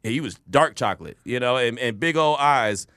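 A man hosting a sports talk radio show, telling stories in a casual, animated way and acting out the people he quotes. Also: medium pitch, moderate pace, clear, resonant tone, no echo, studio quality. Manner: animated storyteller, shouts quoted voices.

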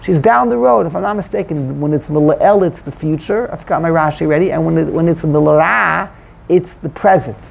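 Man, Torah class teacher, gravelly, husky, explanatory. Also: fairly high pitch, brisk. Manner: explanatory, mixes Hebrew terms into English.

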